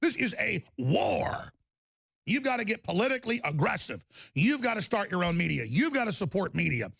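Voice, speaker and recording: A middle-aged man hosting a live talk radio show, ranting angrily and repeating himself, mixed with product pitches. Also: big pitch swings, normal speed, creaky, fairly bright tone, slightly rough, dry recording. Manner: angry, aggressive, repetitive ranting.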